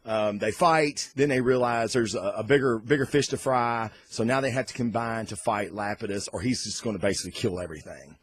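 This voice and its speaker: A man hosting a casual comic book unboxing and review vlog, talking in an excitable, loose way and cursing freely. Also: fairly low pitch, brisk, hardly any pauses, no room sound.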